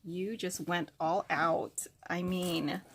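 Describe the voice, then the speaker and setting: A woman's voice: on the low side, fairly even intonation, slow pace, slight background noise. A woman vlogger opening craft mail, gushing, gasping and squealing with delight as she talks to the camera. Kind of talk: excited unboxing chat to camera.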